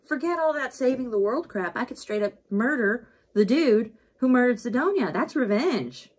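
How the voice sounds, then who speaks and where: A woman voicing a cold, deadly young woman bodyguard with a flat, simmering delivery. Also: on the high side, moderate pace, slightly rough, voice pushed up. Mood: seething.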